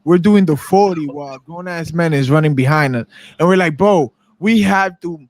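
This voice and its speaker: A young man with a high-pitched voice chats casually on a podcast. He tells his stories with energy and slips into voices for the people in them. The sound is dry and close, with no room echo. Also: moderate pace. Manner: animated storyteller acting out quotes in different voices. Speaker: podcast co-host. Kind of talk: casual chat, storytelling.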